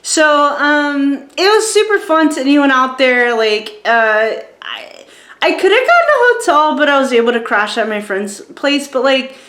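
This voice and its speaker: A woman in her forties tells a casual, rambling story, full of fillers and quick restarts. Her voice sits a little high. The room adds a noticeable echo. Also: big pitch swings, a bit bright. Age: 40s. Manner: chatty and rambling, many fillers and restarts, laughs at her own stories. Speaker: vlogger reviewing a show. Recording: roomy echo.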